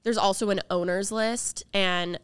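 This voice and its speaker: A woman's voice: mid-range voice, a little slow, clean tone, no room sound. A young woman co-hosting a podcast, telling a story in casual chat and acting out what people said. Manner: animated storytelling, acts out quotes. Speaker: podcast co-host.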